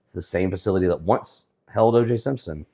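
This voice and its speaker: A man giving casual, sarcastic commentary on the week's news, often pausing with fillers. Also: low-pitched, warm tone. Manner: sarcastic, hesitant with many fillers.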